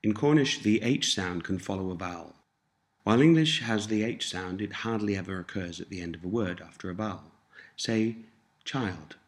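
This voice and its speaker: A man teaching a language lesson, saying each word slowly and repeating it for listeners to copy. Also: lowish voice. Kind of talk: slow scripted language lesson.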